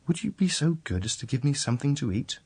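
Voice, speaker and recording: A man's voice: mid-range voice, big pitch swings, fast, darkish tone, breathy edge, voice pushed up. A man voicing a bold, polite young boy in a read-aloud fairy tale.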